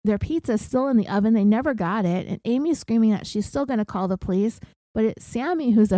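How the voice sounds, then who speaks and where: A woman's voice: medium pitch, warm tone, dry recording. A woman podcast host recapping a story in a casual, wry, conversational way.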